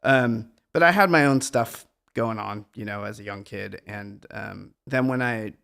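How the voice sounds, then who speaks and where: A man's voice: on the low side, a little slow, creaky, a bit bright, clear, resonant tone. A middle-aged man, a guest musician, talking in a meandering, reflective and self-deprecating way in a casual conversation.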